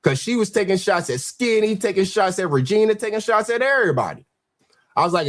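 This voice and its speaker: A man's voice: high-pitched, expressive, brisk. A man hosting a reaction show, explaining his side in a matter-of-fact, casual way. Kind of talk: casual commentary.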